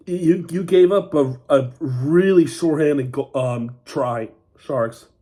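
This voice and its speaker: A man's voice: mid-range voice, darkish tone. A man hosting his own fan channel, giving an unscripted game recap while sick with a cough, frustrated and exasperated as he complains. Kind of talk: unscripted sports recap rant.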